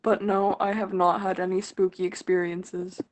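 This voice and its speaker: A woman's voice: mid-range voice, level tone, moderate pace. A young woman chatting as a podcast guest, with a plain mid-range voice. Her replies are brief and matter-of-fact. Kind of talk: casual podcast chat.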